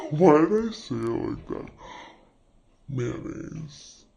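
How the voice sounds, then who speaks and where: A man doing a crawling, gravelly slow-motion flirty woman. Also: a little high, very animated, a little mellow, full character voice, rough recording. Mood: doting. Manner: drawn-out, halting and teasing. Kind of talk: slow-motion comedy skit.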